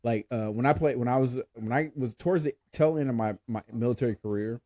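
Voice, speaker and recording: A man's voice: medium pitch, fast talker, dark tone, no room sound. A man hosting a podcast in casual chat, laughing often and stumbling over his words. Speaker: podcast host.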